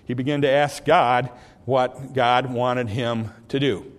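A man teaching a Bible study lesson, explaining in a halting way and often repeating words as he goes. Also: medium pitch, steady tone. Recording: long reverb of a large hall.

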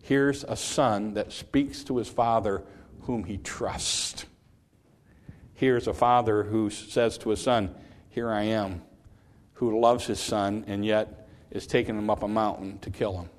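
A man's voice: on the low side, steady tone, measured pace. Earnest preacher man. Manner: earnest, repeats phrases, voice climbs on emphasis. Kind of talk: sermon, Bible teaching.

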